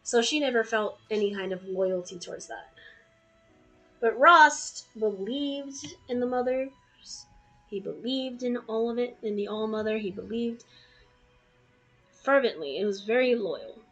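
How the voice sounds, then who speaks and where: A woman's voice: fairly high pitch, measured pace, a bit bright, soft background music, poor audio. A young woman playing a fan-made game, rambling with lots of fillers and laughing as she reads the story text aloud. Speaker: game streamer. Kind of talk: let's play commentary and reading aloud.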